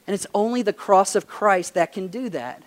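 A pastor preaching a conversational sermon, telling stories and pressing emphatic questions. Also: male voice, sits high, moderate pace.

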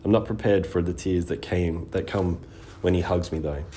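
A man narrating a first-person story in a steady, even reading voice. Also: low-pitched, moderate pace, a little hiss or hum. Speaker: audiobook narrator.

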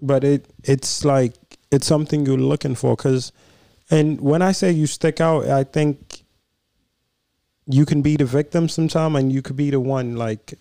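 Man, young adult, from Nigeria, podcast co-host, casual chat, gravelly, dry close mic. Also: mid-range voice, steady tone, measured pace, mellow, dry recording. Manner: laid-back, joking, rambling with fillers.

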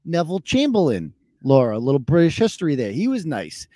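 Man, thirties, podcast host, slightly high voice, dry close sound, profane, sarcastic rant. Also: wildly swooping pitch, a little fast, mellow, no echo. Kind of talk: casual live-show rant.

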